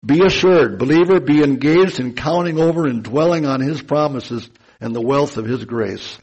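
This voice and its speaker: A man preaching a sermon, speaking slowly and deliberately and stretching key words for emphasis. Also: medium pitch, a little mellow, husky, low-quality recording.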